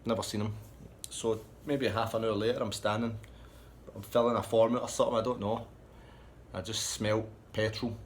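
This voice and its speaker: A man telling a rambling, profane anecdote in a casual, lively way. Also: lowish voice, normal speed, slight background noise. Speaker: storyteller.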